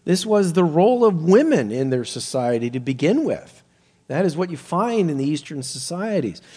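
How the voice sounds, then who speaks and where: A middle-aged man preaching a sermon, animated and rising to near-shouts when he quotes people. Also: a little high.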